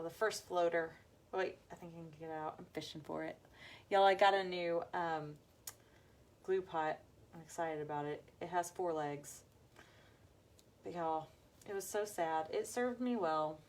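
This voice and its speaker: Chatty woman hosting a craft live. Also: fairly low pitch. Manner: chatty, talks to viewers as y'all. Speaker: craft livestream host. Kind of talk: casual live craft demo chat.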